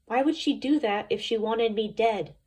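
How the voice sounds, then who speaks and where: A woman's voice: a little high, normal speed, a little mellow, breathy edge. A woman reading a novel aloud in the first person, with an anxious, introspective telling. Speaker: audiobook narrator.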